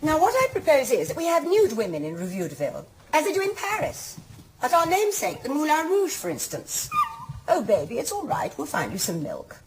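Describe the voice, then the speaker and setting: An actress playing a plucky, upper-class elderly widow who owns a theatre, speaking in a grand, coaxing and playful way, heard in a film clip. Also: female voice, high voice, huge pitch swings, fairly quick, noisy background.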